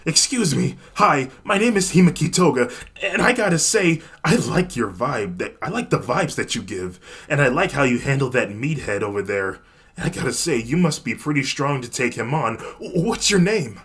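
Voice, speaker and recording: A man's voice: medium pitch, sing-song, fairly bright tone, husky, pitched above the performer's own voice, heavily acted. Man doing a gushing, giddy schoolgirl. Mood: eager. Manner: gushing, rapid, breathless eagerness. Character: giddy excitable schoolgirl with a creepy streak.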